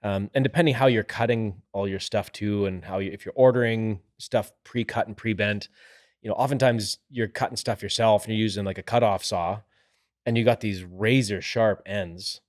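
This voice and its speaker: A man with a fairly low voice talks through building-site jobs in plain, practical terms. The recording is close and dry, with little room sound. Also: steady tone, normal speed, no room sound. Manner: plain-spoken, explaining with trade terms. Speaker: podcast co-host, builder. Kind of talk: casual chat.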